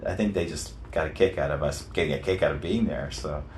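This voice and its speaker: A male musician telling stories as an interview guest, animated and rambling with many restarts. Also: rumbling low, fast, slight background noise. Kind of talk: casual interview storytelling.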